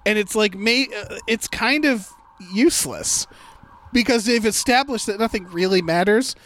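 A man's voice: sits high, moderate pace, fairly bright tone. A man in a casual movie review chat, rambling and thinking aloud as he picks apart a plot.

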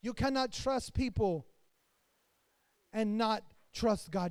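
A man, a pastor, preaching a sermon to his congregation with his voice rising and falling in loudness. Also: high voice, slow, clean tone, dry recording.

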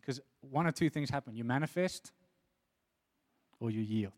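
A man's voice: medium pitch, moderate pace, a little mellow. A man preaching a sermon in an earnest way, often repeating words as he builds emphasis.

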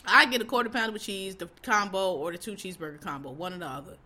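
A woman host ranting in a casual, profane, exasperated way, swinging between loud outbursts and low muttering. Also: fast talker. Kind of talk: casual opinion rant.

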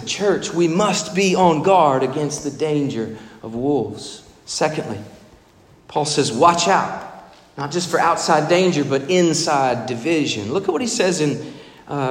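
A man preaching a sermon, expressive and emphatic, now and then acting out the voices in the stories he tells. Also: fairly high pitch, unhurried. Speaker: pastor. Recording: echoey hall reverb.

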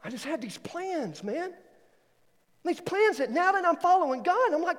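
Male preacher, very high-pitched, animated storyteller, church hall reverb. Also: moderate pace. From Alabama. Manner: animated storytelling, swings into excited higher voice. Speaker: student pastor. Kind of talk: sermon. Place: church auditorium.

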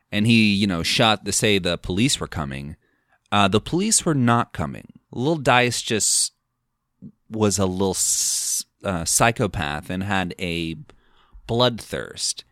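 A man's voice: fairly low pitch, sing-song, takes it slowly, a bit bright, dry recording, studio quality. A man hosting a podcast, retelling a film's plot in a rambling, casual way full of fillers. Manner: rambling, filler-heavy retelling with quoted lines. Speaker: podcast host. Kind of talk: casual film recap.

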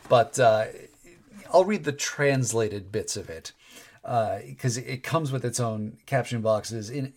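Rambling, wry man on a podcast. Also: mid-range voice. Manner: rambling, wry, self-interrupting. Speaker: podcast co-host. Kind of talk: casual chat.

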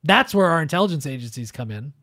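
Animated higher-voiced man, dry close mic. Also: quick pace, dry recording. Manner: animated, talks in bursts with quoted asides. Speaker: podcast co-host. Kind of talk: casual political chat.

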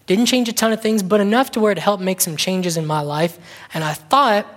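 A man preaching in a relaxed, conversational way, drifting between asides and anecdotes and slipping into little acted-out scenes. His voice rings with the long reverb of a big church hall. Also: high-pitched, fairly quick. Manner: rambling and chatty, acts out little scenes. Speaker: pastor. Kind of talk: conversational sermon.

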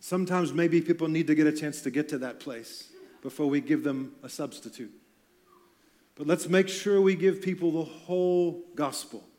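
Male preacher, high voice, earnest and emphatic sermon delivery with wry asides. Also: moderate pace, darkish tone. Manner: earnest, emphatic, with light self-deprecating humor. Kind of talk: sermon to church leaders.

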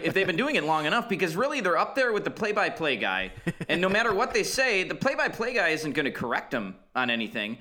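Opinionated Wisconsin man co-hosting a sports podcast, with a bright, forceful voice. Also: fairly high pitch. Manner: opinionated, storytelling. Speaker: podcast co-host. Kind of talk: casual sports podcast chat.

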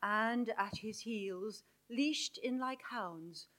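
A woman with a British Received Pronunciation accent, reading Shakespeare verse aloud in a measured, declamatory way. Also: a little high, fairly bright tone. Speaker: audience member volunteer.

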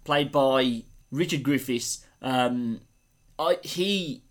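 A man's voice: medium pitch, drawn-out words. A man co-hosting a casual chat, talking with gushing enthusiasm. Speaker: podcast co-host.

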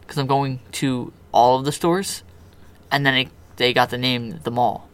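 A man's voice: medium pitch, fairly even intonation, normal speed, a bit bright, smooth, dry recording. A man co-hosting a podcast in casual chat, playful and stubborn, swearing now and then. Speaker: podcast co-host.

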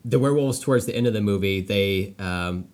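A man's voice: on the low side, brisk, a little mellow. A man chatting casually about a movie, rambling with lots of fillers and restarts and laughing often.

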